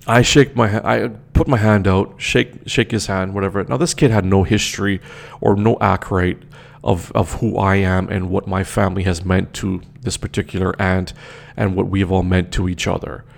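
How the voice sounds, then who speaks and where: A man's voice: low voice, steady tone, moderate pace, vocal fry. A young man telling a story in a casual, indignant rant, swearing often and repeating himself.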